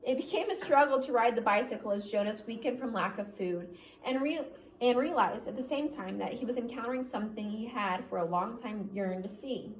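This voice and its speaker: A woman reading a novel aloud to a student in a steady, even way, now and then stopping to ask questions. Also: fairly high pitch, fairly quick, a little hiss or hum. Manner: reads steadily, stops to quiz the listener. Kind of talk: classroom read-aloud of a novel. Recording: echoey room, faint ambience.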